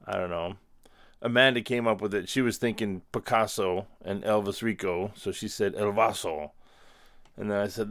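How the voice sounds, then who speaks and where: A man's voice: fairly low pitch, dry recording. Solo podcast host, man, easygoing rambler, laughs at himself, dry booth sound. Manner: rambling, self-deprecating, laughs often. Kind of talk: casual solo podcast monologue.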